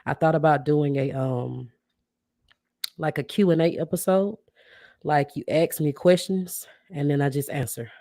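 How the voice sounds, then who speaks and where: A woman podcast host chatting casually with livestream viewers, warmly thanking them and reacting to their comments. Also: low-pitched, measured pace, dry recording, clean studio sound. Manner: chatty, keeps addressing viewers as y'all; warm and grateful, reacts to comments.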